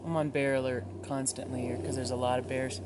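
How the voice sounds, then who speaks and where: A woman's voice: rumbling low, level tone, fairly quick, background noise. A woman backpacking alone, telling a story to camera in a casual, chatty way with many ums, outdoors at a forest campsite. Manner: chatty, many ums, acts out voices in retelling. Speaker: solo backpacking vlogger.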